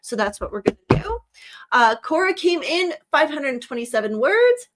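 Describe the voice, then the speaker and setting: A woman's voice: high voice, big pitch swings, moderate pace. A woman hosting a live stream in casual chat, her accent mixing Californian with a Southern twang, rambling and laughing as she talks. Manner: chatty, rambling, laughing asides.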